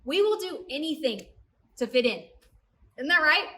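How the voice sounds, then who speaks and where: A young woman speaking at a youth service, telling a personal story in a lively way and talking straight to the kids. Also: high-pitched, moderate pace. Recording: voice a bit distant from the mic, faint music.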